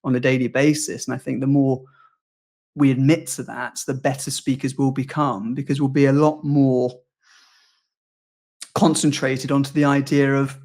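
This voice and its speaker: A man from the UK, a public speaking coach, chatting in a podcast interview. His pitch is mid-range, and he talks fluently and with animation, slipping into quoted voices to make his points. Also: level tone, normal speed, a little mellow. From United Kingdom.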